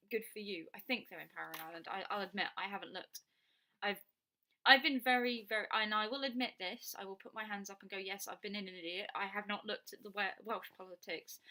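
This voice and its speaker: Young woman, vlog opinion rant, blunt and outspoken, swears freely, bright sharp tone. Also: medium pitch. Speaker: vlogger.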